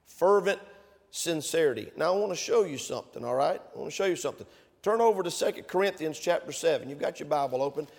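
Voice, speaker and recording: A man's voice: a little high, expressive, fast, vocal fry, darkish tone, big-room sound. A male pastor preaching a sermon to his congregation, emphatic and building to fervent peaks. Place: church sanctuary.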